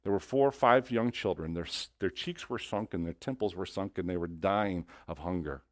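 A man preaching a sermon, telling a story with animated swings between hushed and loud delivery. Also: low voice, normal speed, no echo, clean studio sound.

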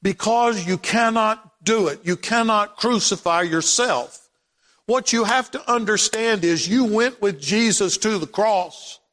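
A man preaching a sermon as pastor, swinging from loud declarations to hushed passages. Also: high voice, big-room sound. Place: church sanctuary.

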